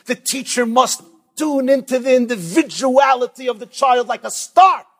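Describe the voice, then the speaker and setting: A man giving a sermon at a yeshiva event, telling stories in a dramatic, emphatic way that swings between loud and soft. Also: extremely high pitch, moderate pace, slightly rough. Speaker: rabbi speaker at a yeshiva event. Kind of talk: sermon with storytelling. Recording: long reverb from a large hall.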